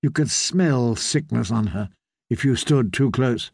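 A man reading a fantasy novel aloud in measured storytelling narration. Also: mid-range voice, creaky, a little mellow, dry recording, clean studio sound. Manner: measured storytelling, voicing characters. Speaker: audiobook narrator.

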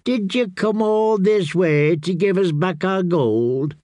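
A man's voice: sits high, expressive, slow pace, darkish tone, no room sound, studio quality, voice pushed up. A man doing a crowing, cackling jester outlaw. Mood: gloating. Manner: crowing, crude, laughing.

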